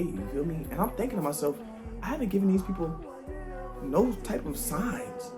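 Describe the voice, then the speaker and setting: A young man telling a personal story in a casual, animated, slangy way, speaking directly to his viewers. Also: sits high, normal speed, music in the background. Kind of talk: storytime vlog.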